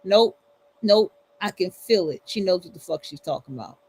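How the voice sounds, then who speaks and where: A woman hosting a livestream rants bluntly and profanely in casual commentary with features, repeating points for emphasis. Her medium-pitched voice is animated, a little mellow and slightly rough, at a moderate pace, in a rough recording.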